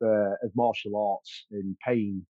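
Interview guest: man, low dark husky voice, confident and boastful, slightly muffled sound. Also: flat delivery, slow, dry recording. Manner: confident, boastful, frequent fillers and restarts. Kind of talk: casual storytelling.

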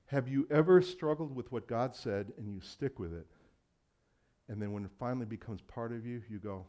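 A pastor delivers a sermon loosely and conversationally, slipping into quoted voices and laughing as he goes. His mellow voice sits at an average pitch for a man and moves at normal speed.

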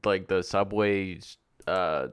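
A man's voice: low voice, steady tone, takes it slowly, clear, resonant tone. A man co-hosting a podcast, asking loose questions about the movie with plenty of likes. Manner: asks questions, loose and casual, lots of likes. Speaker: podcast co-host. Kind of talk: casual movie-review chat.

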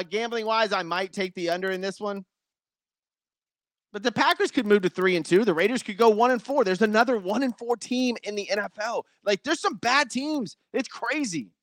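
A man hosting a solo sports talk show, energetic and chatty, laughing at his own takes. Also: high-pitched, no room sound.

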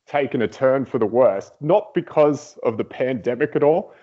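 A man's voice: medium pitch, moderate pace. A man on a podcast telling a funny story, acting out what people said. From outside the United States. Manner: animated storyteller, acts out quotes. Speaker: podcast guest. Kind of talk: casual storytelling. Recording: dull lo-fi audio.

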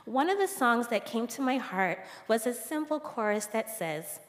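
Calm woman reading testimony, echoing hall. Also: a little high, moderate pace. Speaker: congregation member sharing testimony. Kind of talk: read testimony. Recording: reverberant church hall.

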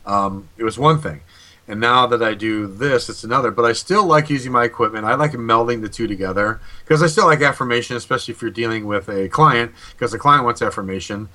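Bright-voiced man chatting on a video call. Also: medium pitch, fairly quick. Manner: rambling, restarts often, acts out quotes. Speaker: paranormal investigator and psychic co-host. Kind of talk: casual chat on a live video call show. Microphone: video call mic.

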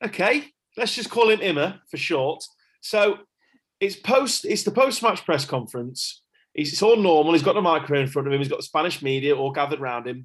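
A man hosting a podcast, telling stories in an excitable, jokey way. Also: fairly high pitch. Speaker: podcast host. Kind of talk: casual chat.

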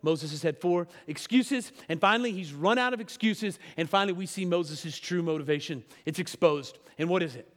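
A man with a fairly high voice preaches a sermon, keeping it conversational and checking in with his listeners through frequent tag questions. His voice carries a long reverb from a church sanctuary. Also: normal speed, hardly any pauses, fairly bright tone. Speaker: pastor.

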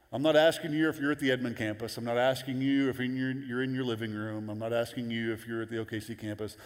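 A man preaching a sermon as pastor, animated and conversational, jumping into high excited voices when quoting. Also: fast talker. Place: large church auditorium. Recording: long hall reverb.

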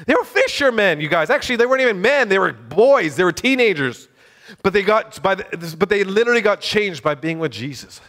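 A man's voice: high-pitched, very animated, brisk, a bit bright. A man preaching a sermon in a fervent, exclaiming way.

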